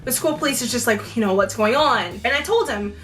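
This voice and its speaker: Bright high-voiced young woman telling a story. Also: quick pace, recorded from a distance. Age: young adult. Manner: animated, slangy storytelling. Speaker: vlogger. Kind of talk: storytime vlog. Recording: voice a bit off-mic with faint music.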